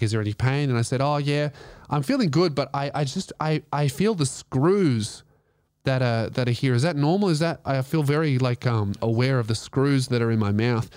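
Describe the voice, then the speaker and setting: A man's voice: medium pitch, darkish tone, clear, resonant tone, no room sound, studio quality. An Australian man hosting a comedy podcast, telling stories casually, swearing often and laughing through them. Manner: profane, laughing through his own stories.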